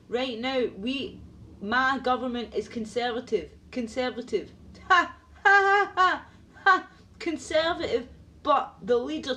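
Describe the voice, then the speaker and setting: A woman chatting casually on a live stream, rambling and ranting while answering viewers by name. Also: mid-range voice.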